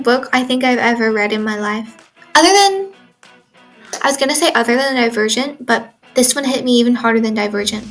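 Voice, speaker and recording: A woman's voice: on the high side, normal speed, a bit bright, faint music behind, low-quality recording. A sixteen-year-old girl recording a casual video diary in her room, rambling with lots of "like" and "um" fillers. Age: teens. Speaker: exchange student video journaler. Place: bedroom at home.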